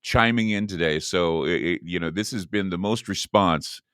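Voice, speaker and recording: A man's voice: low voice, moderate pace, a bit bright, clean tone, dry recording. A man hosting a talk radio show, talking in a rambling, emphatic way with many restarts, on a close studio microphone.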